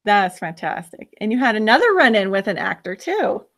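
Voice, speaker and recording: Woman podcast co-host, relaxed interview chat, steers the questions. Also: mid-range voice, normal speed.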